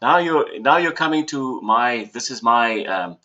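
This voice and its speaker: A man's voice: mid-range voice, lively intonation, measured pace, pushed and bright, highs cut off. A man from Africa, hosting a casual livestream from home, rambling and chuckling with theatrical flourishes. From southern Africa. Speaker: livestream host.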